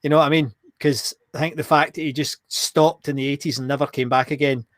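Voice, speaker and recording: A man's voice: a little high, fairly even intonation, fairly quick, a bit bright, no echo, studio quality. A man co-hosting a live online show, chatting casually, reading out viewer comments and laughing often.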